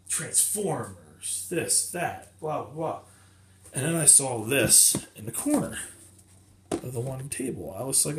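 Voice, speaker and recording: Male vlogger, unhurried, rambling show-and-tell, audible hiss and clicks behind. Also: mid-range voice. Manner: rambling, self-correcting, chatty. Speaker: game collector showing finds. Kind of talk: casual show-and-tell vlog. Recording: clear background noise with clicks.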